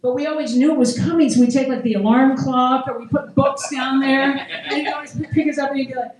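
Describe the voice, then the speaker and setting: A middle-aged woman doing a stand-up set at an open mic, chatty and self-deprecating, often laughing at her own lines. Her voice sits a little high. It is caught from a distance in an echoey room. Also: steady tone, a little fast, a little mellow, slight background noise. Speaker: stand-up comedian. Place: open mic comedy show.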